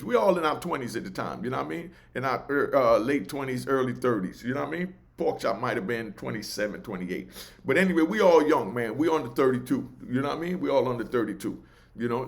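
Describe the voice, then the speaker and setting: Animated storyteller. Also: male voice, mid-range voice, gravelly. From New York. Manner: animated, loose, keeps asking "you know what I mean". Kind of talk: casual oral storytelling.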